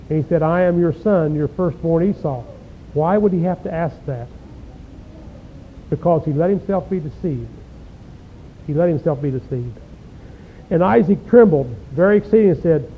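A man delivers a sermon, reading scripture and stopping to ask his listeners pointed, folksy questions. His voice sits high, and the recording is thin and phone-like with a faint low rumble underneath. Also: moderate pace. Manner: rhetorical questions, folksy asides. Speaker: preacher.

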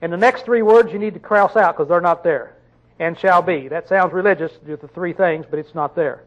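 High-voiced male preacher with emphatic bursts. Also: dull audio. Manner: questions the listeners often, with sudden loud emphatic bursts; reads scripture slowly and drawn out. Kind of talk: sermon.

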